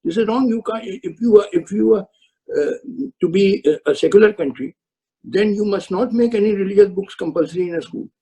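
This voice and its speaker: A man's voice: sits high, brisk, mellow, breathy edge, poor audio. An older man, a retired judge, firmly lecturing law students over a video call, with frequent uh and um. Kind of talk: webinar answers to student questions.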